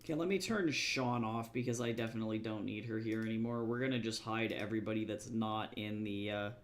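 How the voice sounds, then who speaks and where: A man's voice: lowish voice, a little fast. Self-mocking man chatting while he draws. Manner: rambling, self-deprecating, thinks aloud. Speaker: webcomic artist streaming. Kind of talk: casual livestream chat while drawing.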